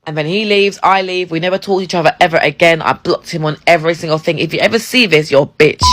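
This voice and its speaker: Animated woman telling a story, low voice. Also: fast, hardly any pauses, soft background music. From England. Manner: animated, laughing, swears. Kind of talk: casual storytime.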